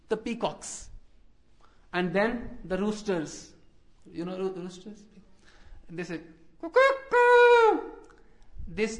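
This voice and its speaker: A man giving a devotional storytelling talk, animated and acting out birds and characters in quoted voices. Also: sits high. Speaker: religious speaker.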